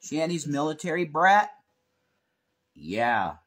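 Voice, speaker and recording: Guy from northeast PA rambling on a stream, voice jumping all over, laughs a lot. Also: on the high side. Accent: northeastern Pennsylvania. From northeastern Pennsylvania. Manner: animated, rambling, quick to laugh. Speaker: livestream host. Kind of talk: casual chat reading comments.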